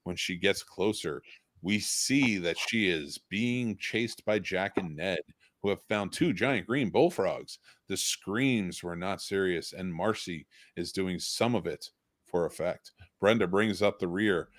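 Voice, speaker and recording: Man, stream host, low voice, steady script narration, dry close sound. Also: a little slow, no echo. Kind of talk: reading stage directions, charity livestream.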